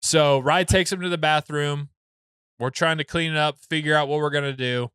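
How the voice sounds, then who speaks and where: Smooth-voiced man telling a rambling story. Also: on the high side, moderate pace, dry recording. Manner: rambling, animated, lots of fillers and restarts. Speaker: podcast co-host. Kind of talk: casual comedic storytelling.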